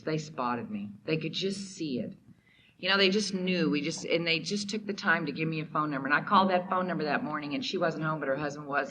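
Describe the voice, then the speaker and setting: In a noisy recording with the highs cut off, a low-pitched woman from Oklahoma, USA, tells her personal story at a recovery convention's meeting hall. Her testimony is candid and emotional and full of fillers.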